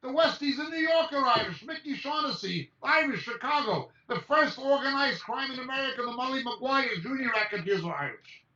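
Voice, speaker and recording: A man's voice: extremely high pitch, lively intonation, fairly quick, hardly any pauses, sharp tone. A man giving an impassioned message as a Bible teacher over a video call, talking emphatically and rattling off lists of names. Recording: echoey, distant, dull video-call audio.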